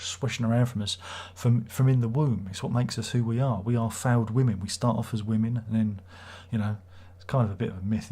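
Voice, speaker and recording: A man's voice: mid-range voice, warm tone, slightly rough. A man hosting a casual livestream, rambling and swearing as he reads viewer comments aloud. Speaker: livestream host.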